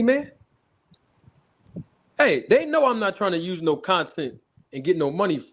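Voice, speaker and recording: This lively man with a high voice hosts a boxing talk livestream at an unhurried pace. His casual commentary is animated, full of laughter and greetings to people in the chat.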